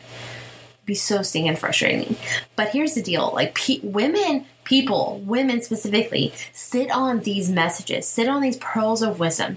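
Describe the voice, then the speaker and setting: A woman hosting a motivational podcast, talking in an energetic, emphatic, chatty way and breaking into short sung bits. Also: mid-range voice, a little hiss or hum, rough recording. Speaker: podcast host.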